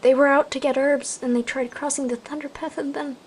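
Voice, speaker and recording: A woman's voice: high-pitched, little pitch movement, a little fast, slight background noise, pitched above the performer's own voice. A woman voicing a male cat leader who cries out in despair over his clan. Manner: mumbling then crying out in despair.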